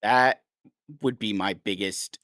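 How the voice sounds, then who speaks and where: Low-voiced man, dry close sound. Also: takes it slowly, a bit bright, dry recording. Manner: rambling, filler-heavy, blunt. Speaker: podcast co-host. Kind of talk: casual chat.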